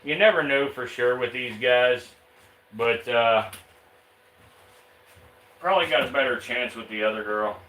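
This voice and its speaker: Guy chatting on his snake stream, laid back drawl, bright tone. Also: medium pitch, measured pace, pauses often, poor audio. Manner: relaxed, drawling, reads out viewer names and questions. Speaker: reptile keeper streaming live. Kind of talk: casual live-stream chat.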